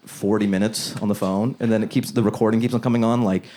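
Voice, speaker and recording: A man performing a stand-up comedy set on a club stage, acting out characters in quick asides. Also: on the low side. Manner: animated, acts out voices in quick asides. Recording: loud audience laughter behind.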